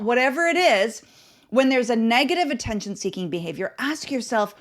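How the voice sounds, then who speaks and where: A woman's voice: on the high side, lively intonation, brisk. A woman hosting a parenting podcast, giving earnest, instructive advice in short emphatic phrases.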